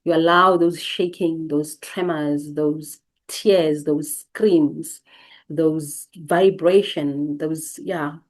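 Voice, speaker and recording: A woman host giving a reflective teaching monologue, speaking gently with repeated, emphatic phrases. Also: low voice, fairly even intonation, extremely slow. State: briefly emotional.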